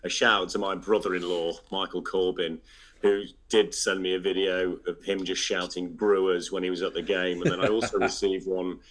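A man's voice: low voice, little pitch movement, moderate pace, fairly bright tone. A man co-hosting a podcast in casual chat, speaking hesitantly with frequent fillers. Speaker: podcast co-host.

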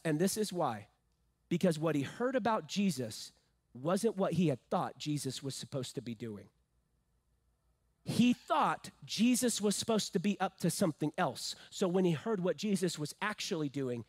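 A male pastor preaching a sermon emphatically, swinging from loud peaks to hushed phrases, with joking asides. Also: a little high, big pitch swings, normal speed, breathy edge, no echo.

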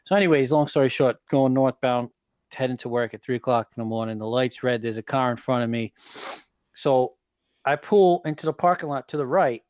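A man's voice: mid-range voice, a little fast, a little mellow, clear, resonant tone, no echo. Profane man telling a story. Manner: profane, matter-of-fact. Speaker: podcast co-host. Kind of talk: casual chat, storytelling.

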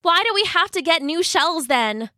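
A woman's voice: high-pitched, expressive, normal speed, sharp tone, no echo, studio quality, pitched above the performer's own voice. A woman voicing a young male hermit crab, worried and unsure, who talks in a plaintive, questioning way, in a storybook reading. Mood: frustrated.

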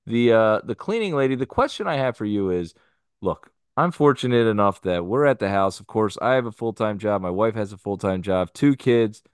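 A man's voice: fairly low pitch, expressive, normal speed, smooth, dry recording, clean studio sound. A man hosting a podcast in casual chat, easygoing and steering the topics. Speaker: podcast host.

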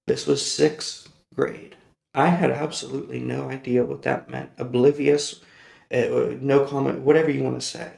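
A man's voice: mid-range voice, little pitch movement, moderate pace, gravelly, darkish tone. A man hosting a personal storytelling podcast, rambling and correcting himself as he goes, laughing often. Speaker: podcast host. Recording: roomy echoey recording.

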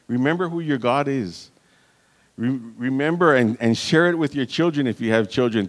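A man's voice: medium pitch, a little mellow. A man preaching a sermon in an earnest manner, calling out to the congregation and restarting phrases as he goes.

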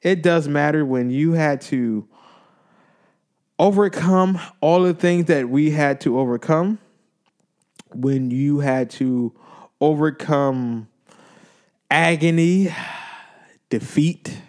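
A man hosting a casual sports podcast, talking in an animated, playful, hyped-up way. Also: a little high, takes it slowly, pauses often. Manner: animated, hype, playful banter. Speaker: podcast host.

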